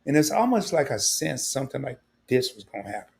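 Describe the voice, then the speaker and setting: A man's voice: mid-range voice, big pitch swings, fairly quick, creaky, darkish tone. An older man hosting a livestream, talking candidly and a bit rambling, with emotion coming through. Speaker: livestream host. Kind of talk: casual livestream talk.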